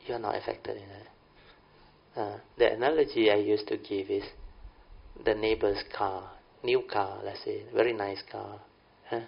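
A man's voice: lowish voice, gravelly, breathy edge. A middle-aged man with a Malaysian English accent giving a folksy Buddhist Dhamma talk. He keeps checking in with his listeners by asking whether they understand. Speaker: Buddhist teacher. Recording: dull lo-fi recording.

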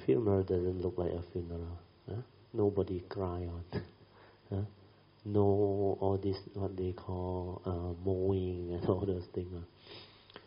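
A deep-voiced middle-aged man teaching as a Buddhist speaker, relating a family episode with many "you know" tags and bursts of laughter. The recording sounds dull and lo-fi. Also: level tone, takes it slowly. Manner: chatty, tag questions, laughs while telling. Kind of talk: storytelling Dhamma talk.

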